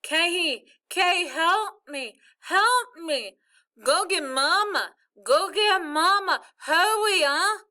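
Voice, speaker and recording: A woman's voice: animated, slow pace, pushed and bright, recorded from a distance, exaggerated voice. A woman voicing a panicked young boy who cries and begs for help. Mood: frantic pleading. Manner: high, frantic pleading.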